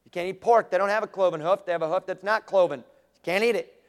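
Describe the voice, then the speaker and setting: High-voiced man preaching in a reverberant hall. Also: quick pace. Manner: animated preaching, acting out quoted voices. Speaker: pastor. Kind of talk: sermon. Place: church sanctuary. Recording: long reverb of a large room.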